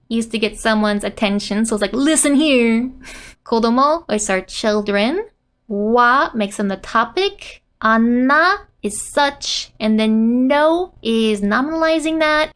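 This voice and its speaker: A woman casually teaching a Japanese lesson, laughing often and acting out quoted lines in animated voices. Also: on the high side, clear, resonant tone.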